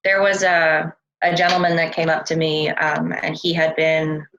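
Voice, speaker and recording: Low-voiced woman chatting casually. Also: moderate pace, muffled recording. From California. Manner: chatty, relaxed, loose with fillers. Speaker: interview guest, experiencer researcher. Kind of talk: casual conversational storytelling.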